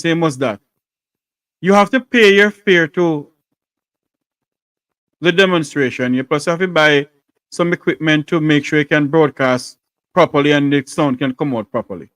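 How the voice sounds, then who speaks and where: A man hosting a call-in show. He addresses his listeners directly and plainly, in a fairly high voice. The sound is dry and close. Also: fairly bright tone, dry recording. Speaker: talk show host.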